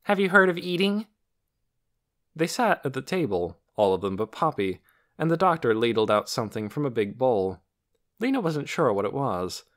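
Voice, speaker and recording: A man narrating an audiobook chapter in an expressive storytelling manner. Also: moderate pace. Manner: expressive storytelling with lively pitch. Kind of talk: scripted narration.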